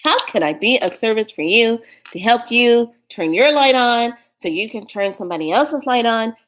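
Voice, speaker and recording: A woman chatting straight to her viewers about spiritual practice. She sounds playful and affectionate, laughs easily and often, and closes with warm sign-offs. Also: a little high, animated, normal speed. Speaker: spiritual vlogger. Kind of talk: casual spiritual chat to viewers.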